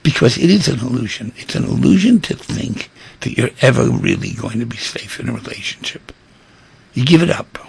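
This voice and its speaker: A man hosting a radio call-in show, giving a preachy monologue full of rhetorical questions and animated storytelling. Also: medium pitch, moderate pace, creaky, slightly rough.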